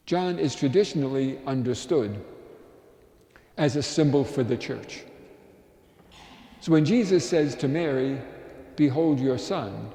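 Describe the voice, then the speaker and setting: A man in his sixties, a priest, giving a slow, reflective Lenten sermon mixed with personal stories. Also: mid-range voice, warm tone. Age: 60s. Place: church. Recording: echoey church with long reverb.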